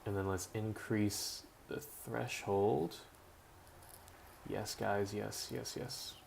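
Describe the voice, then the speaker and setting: A man live-streaming casually from home, mumbling while adjusting his audio settings, his throat rough enough that he keeps clearing it. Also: on the low side, level tone, very slow, a little mellow, a little hiss or hum. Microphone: built-in webcam or laptop mic.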